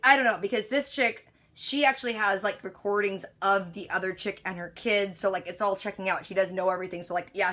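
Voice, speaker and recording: A woman's voice: mid-range voice, steady tone, quick pace, hardly any pauses, pushed and bright. A woman rambling through an exasperated, casual rant that recaps a movie, with lots of "like" fillers. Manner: exasperated, rambling, heavy use of "like". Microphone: device recording her side of a phone call.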